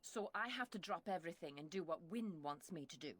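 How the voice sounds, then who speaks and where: Gruff Scottish woman botanist for a fantasy game, dry and impatient, a touch low. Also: animated, brisk, a bit bright, no echo. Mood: grumbling. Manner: sardonic, grumbling. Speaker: game character.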